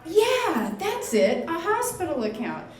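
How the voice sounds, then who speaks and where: A woman voicing a relaxed young surfer-hippie man on the phone, vague and drawling, in a roomy live venue. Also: extremely high pitch, slow, recorded from a distance, pitched above the performer's own voice, heavily acted. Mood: laid-back.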